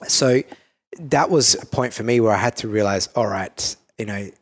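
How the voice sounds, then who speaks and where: A man's voice: fairly low pitch, moderate pace. An Australian man from Perth, a business owner, talking reflectively in an interview with many fillers and restarts.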